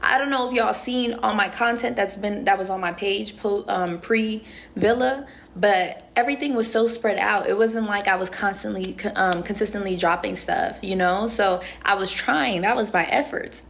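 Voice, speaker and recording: A young woman talks casually on a phone livestream, answering viewer comments as they come. She is playful and rambling, leaning on "um" and "like," in a mid-range voice with a gravelly edge. A faint noise sits under the recording. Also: mid-range voice, normal speed. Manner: chatty and playful, heavy on fillers like "um" and "like". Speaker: reality show contestant on a livestream.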